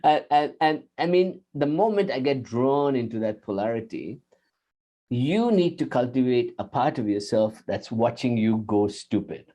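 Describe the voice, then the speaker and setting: Lively man teaching on a video call. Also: mid-range voice, normal speed. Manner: animated, acts out inner voices, laughs often. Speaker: guest teacher. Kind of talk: spiritual interview talk.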